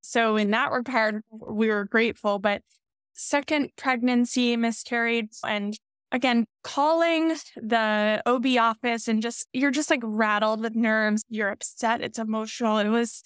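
Brief: woman in her thirties, podcast guest, smooth clear voice, dry close sound, earnest and emotional storytelling. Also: fairly high pitch, measured pace, dry recording. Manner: candid, emotional, animated quoting of others. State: pregnant.

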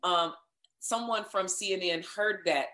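A woman voiceover artist telling her career story in a casual interview, animated and acting out what people said. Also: lowish voice, unhurried. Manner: animated, acts out quoted dialogue.

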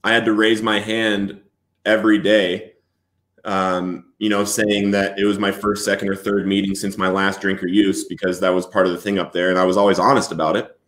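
A man's voice: lowish voice, flat delivery, a bit bright. Earnest man telling his story, echoey room. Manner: earnest, halting storytelling with many restarts. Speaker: interview guest. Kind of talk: personal recovery story.

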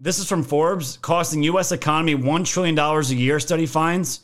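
A man's voice: on the high side, fairly quick, fairly bright tone. A man hosting a podcast, giving casual political commentary in a joking, profane way. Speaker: podcast host.

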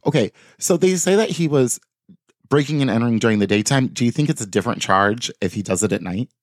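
Speaking quickly and with animation, this man's mid-range voice comes through in studio quality with no echo. He hosts a podcast, reading news pieces out loud and dropping casual, jokey remarks.

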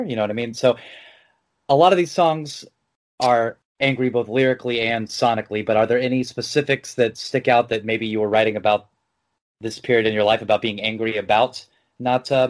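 A man hosting an interview, asking questions in a casual, loose way with fillers. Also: mid-range voice. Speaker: interviewer, host.

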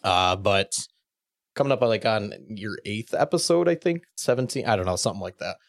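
A man's voice: fairly low pitch, lively intonation, fairly quick, no echo, clean studio sound. A man hosting a casual gaming podcast, rambling and hesitant, often restarting words and laughing. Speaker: podcast host.

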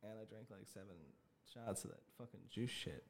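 A man's voice: fairly low pitch, moderate pace, a little hiss or hum. A young man, a podcast guest, chatting casually and telling rambling stories with lots of laughter and acted-out quotes. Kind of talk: casual chat.

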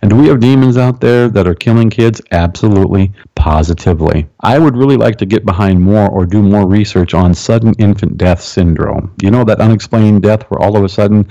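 Male pastor, emphatic preaching tone, dark mellow voice, dull lo-fi recording. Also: on the low side, a little fast, hardly any pauses. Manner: emphatic and animated, often asks "right?". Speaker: pastor and guest. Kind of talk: preaching talk-show guest.

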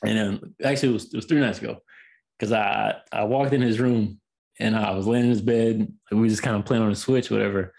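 Laid-back man with a lowish voice. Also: steady tone, fairly quick, vocal fry, darkish tone. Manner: laid-back, laughs easily, says "bro". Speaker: podcast co-host. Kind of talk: casual chat.

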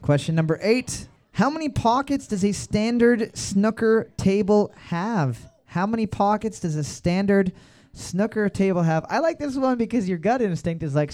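Man, trivia host, high voice, reads questions twice, crude joking asides. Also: lively intonation, normal speed, darkish tone. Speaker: trivia quizmaster. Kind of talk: live pub-trivia hosting with crude jokes.

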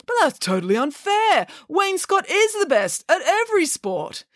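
A woman's voice: very high voice, very animated, moderate pace, no room sound, studio quality, voice pushed up. A woman reading aloud and voicing an indignant student who sounds outraged.

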